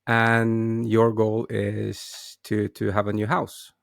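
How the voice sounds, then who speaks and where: A man's voice: fairly low pitch, monotone, slow pace, creaky, dry recording, clean studio sound. A man hosting his own show, talking casually and hesitantly, with frequent restarts and repeated words. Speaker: host. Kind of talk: casual solo talk.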